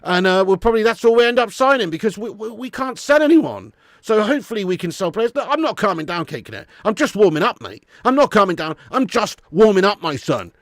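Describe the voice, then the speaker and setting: A man's voice: sits high, big pitch swings, quick pace, no room sound, studio quality. A young man hosting a live football fan stream, ranting fiery and laughing with lots of swearing. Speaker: football fan channel host.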